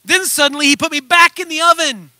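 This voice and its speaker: A man's voice: extremely high pitch, steady tone, fast talker, sharp tone, no room sound, voice pushed up, full character voice. A man voicing a suffering male teacup that recalls being shaped and fired, telling it in a pleading, dramatic way. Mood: anguished.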